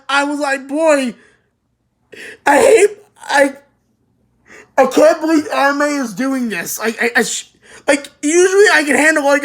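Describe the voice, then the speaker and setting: Young female anime reviewer, high-pitched, excitable, profane, stammers in quick restarts. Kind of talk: casual rant review.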